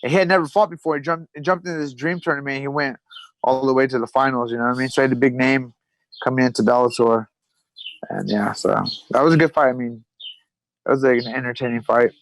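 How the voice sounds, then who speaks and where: A man's voice: mid-range voice, steady tone, fast talker, no room sound, poor audio. A man in his thirties, a podcast guest, telling stories in a loose, rambling way full of fillers and restarts. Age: 30s. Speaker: podcast guest, retired pro fighter. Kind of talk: casual chat.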